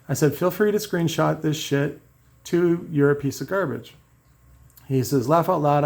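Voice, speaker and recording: Speaking in a fairly high, somewhat mellow voice with vocal fry, this car audio maker and host rants casually. His profane, meandering monologue includes reading messages aloud and frequently starting sentences over.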